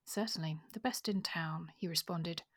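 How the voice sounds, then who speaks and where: A woman with a somewhat low, breathy voice, co-hosting a book podcast. She discusses the story casually and reads passages aloud at a measured, even pace. Her delivery stays relaxed. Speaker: podcast co-host.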